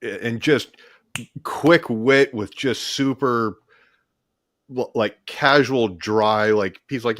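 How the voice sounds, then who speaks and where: A man's voice: mid-range voice, slow, fairly bright tone, no room sound, clean studio sound. A man co-hosting a casual video-call chat, telling stories with many restarts. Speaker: co-host.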